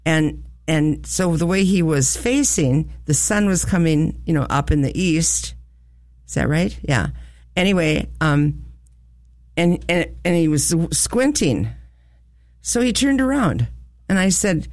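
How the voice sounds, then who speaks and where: A man swaps stories in an easy, casual chat, acting out the voices of the people in them as he goes. His voice sits a little high for a man. The sound is dry and close, with no room echo. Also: takes it slowly. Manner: animated storytelling, acts out quoted voices, laughs often. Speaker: storyteller in a chat.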